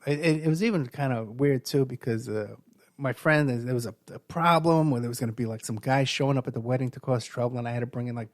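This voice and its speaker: A man's voice: mid-range voice, no room sound, studio quality. A middle-aged man, hosting a radio show and telling rambling stories with lots of fillers and restarts. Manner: storytelling with many fillers and restarts. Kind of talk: rambling monologue.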